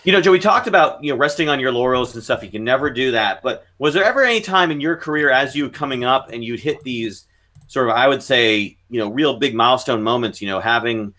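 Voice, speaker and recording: A man's voice: mid-range voice, lively intonation, fast, pushed and bright. Man host asking rambling questions. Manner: long rambling questions packed with "you know". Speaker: podcast host. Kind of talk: podcast interview.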